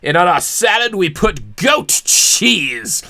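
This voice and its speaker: A man's voice: high voice, big pitch swings, takes it slowly, pushed and bright, voice pushed down, heavily acted. A man voicing a pompous, snooty fancy-restaurant server in a mock-posh put-on accent. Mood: haughty.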